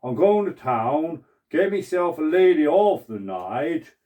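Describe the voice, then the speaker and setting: A man's voice: a little high, sing-song, takes it slowly, warm tone, voice pushed up. A man voicing a cheeky young lad in a told joke, in a raised, sing-song storytelling voice.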